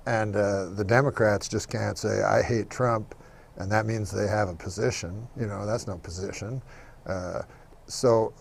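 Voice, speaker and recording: Deadpan comic guy rambling, kinda low voice. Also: gravelly. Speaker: comedian guest. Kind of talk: interview.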